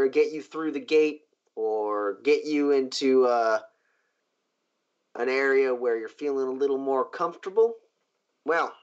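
A man voicing a smooth, scheming riverboat boss who drawls his offers slowly with hesitant pauses. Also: medium pitch, lightly acted. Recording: dull lo-fi recording.

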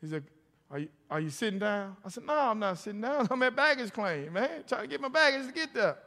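A man's voice: high-pitched, big pitch swings, a little fast, bright, forceful tone. A middle-aged man preaching a sermon as a pastor, telling stories and calling out to the congregation. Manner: storytelling, calls out to the congregation. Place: church sanctuary. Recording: long hall reverb.

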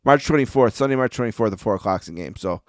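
A man's voice: mid-range voice, animated, quick pace, no echo, clean studio sound. A man co-hosting a podcast in casual chat, rambling and easygoing with plenty of fillers. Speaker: podcast co-host.

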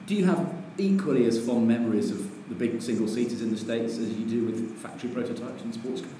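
A man's voice: medium pitch, fairly quick, mellow. A man interviewing a guest in a conversational, prompting way. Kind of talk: interview questions. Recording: echoey, distant from mic, noisy.

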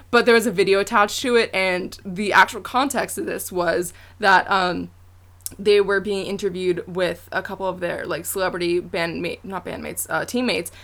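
A woman's voice: mid-range voice, a bit bright. A young woman co-hosting a podcast, chatting casually with many fillers and frequent laughs. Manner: chatty, giggly, lots of fillers. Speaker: podcast co-host. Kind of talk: casual chat.

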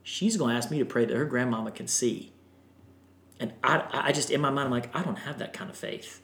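Male storyteller, animated and emotional, podcast guest, mid pitch, echoey room. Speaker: guest singer. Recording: roomy echo.

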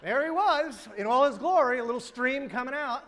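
High-voiced male pastor in a reverberant hall. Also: expressive, moderate pace, fairly bright tone, slight background noise. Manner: storytelling, builds to repeated rhetorical questions. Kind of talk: sermon. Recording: long reverb of a large hall.

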